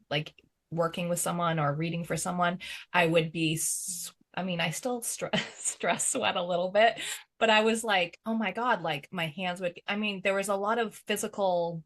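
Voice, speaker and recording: A woman's voice: on the low side, a bit bright. A woman medium on a podcast panel, chatting casually with lots of fillers and laughter. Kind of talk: casual chat.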